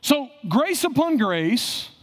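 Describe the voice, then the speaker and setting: A man's voice: very high voice, sing-song, slow, husky. A male pastor preaching a sermon, asking the congregation questions and repeating phrases for emphasis.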